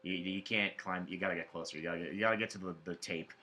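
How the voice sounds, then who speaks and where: A man's voice: low-pitched, steady tone, quick pace, sharp tone, slight background noise. A man co-hosting a casual let's play, ranting and swearing as he coaches the player through a level. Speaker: co-host guiding the player.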